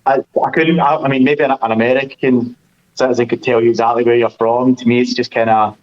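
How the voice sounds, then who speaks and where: Slow, clear Scottish man on a dull line. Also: mid-range voice, little pitch movement. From Scotland. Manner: talks slowly and clearly on purpose. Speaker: guest. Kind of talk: casual podcast conversation.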